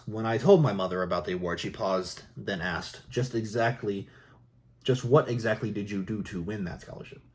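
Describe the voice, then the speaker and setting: A man reading jokes aloud in a soft, unhurried ASMR style. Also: deep voice. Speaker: joke reader.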